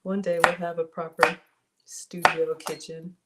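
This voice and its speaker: Her voice sits on the low side with little pitch movement, and she talks at a measured pace. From her kitchen, she chats casually with livestream viewers and greets them by name, in noisy audio picked up by a cell phone and tablet.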